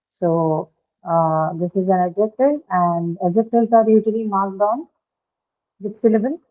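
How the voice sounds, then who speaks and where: A woman's voice: mid-range voice, fairly even intonation, measured pace. A woman teaching English pronunciation, explaining step by step and checking with her students as she goes. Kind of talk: online pronunciation lesson. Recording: tinny phone-like line.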